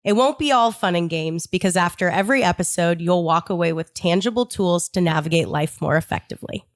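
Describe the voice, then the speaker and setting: A woman with a lowish voice co-hosts a casual podcast as a therapist. She banters in a brisk, playful way and swears freely. The sound is close and dry. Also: no echo.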